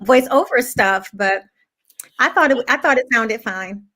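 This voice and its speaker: A woman co-hosting a casual chat who teases and laughs, with a voice she calls pitchy. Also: unhurried, pushed and bright. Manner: laughing, teasing, repeats words when starting. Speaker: co-host who makes the sound bites.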